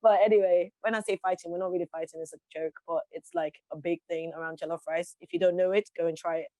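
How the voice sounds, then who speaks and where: A woman's voice: lowish voice, steady tone, quick pace, mellow, no echo. Impassioned woman, dry close sound. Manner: emphatic, impassioned, rhetorical questions. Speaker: interview guest, activist. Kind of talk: passionate conversational speech.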